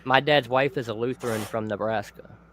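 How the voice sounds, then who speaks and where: A man's voice: mid-range voice, steady tone, brisk, fairly bright tone, a little hiss or hum. A man hosting a casual chat stream, laid-back, with short replies. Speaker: stream host.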